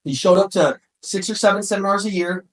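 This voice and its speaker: A man giving an energetic motivational talk, often shouting for emphasis and calling listeners "bro" and "man". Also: high-pitched, brisk, low-quality recording. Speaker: motivational speaker.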